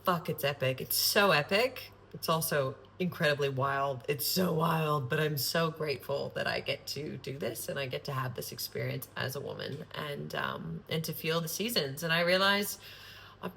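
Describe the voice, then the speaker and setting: A woman with a deep, creaky, slightly bright voice and lively intonation talks at normal speed, with slight background noise. Speaking to camera in a casual, spontaneous monologue, she rambles loosely, sounding earnest and swearing here and there.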